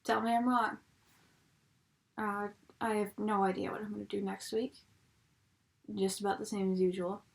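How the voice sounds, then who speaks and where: A woman's voice: medium pitch, little pitch movement, moderate pace, creaky, pauses often. A young woman reviewing an episode in a casual, rambling way, full of tangents and sarcastic asides. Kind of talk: casual chat. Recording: audible background noise.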